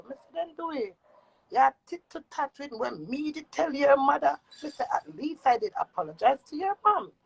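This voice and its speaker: Fiery Jamaican woman ranting, husky. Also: medium pitch, low-quality recording. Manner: heated, cursing, uses Jamaican patois. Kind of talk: angry rant.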